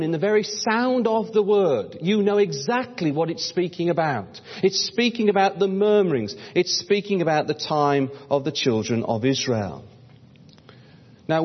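A man preaching a Bible-study sermon, his fairly high, husky voice rising and falling with lively pitch as he reads old-fashioned scripture. He calls his listeners brothers and sisters. The voice rings out with a long reverb on a dull, lo-fi recording. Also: moderate pace.

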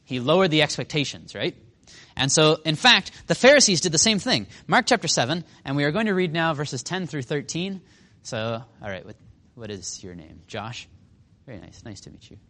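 A man teaching a Bible study in a casual, animated way, acting out quotes and asking the class questions. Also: fairly high pitch, moderate pace. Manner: animated, acts out quotes, asks the room questions.

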